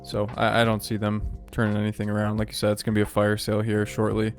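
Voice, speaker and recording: A man's voice: fairly low pitch, completely flat delivery, quick pace, faint music behind. A man co-hosting a sports betting podcast, giving short, agreeable replies in casual chat. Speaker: podcast co-host.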